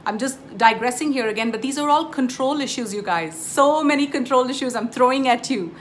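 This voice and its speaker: Her voice is high and a little fast as she delivers a casual spiritual teaching full of emphatic storytelling. She talks directly to viewers, calling them "you guys," over a faint hiss or hum.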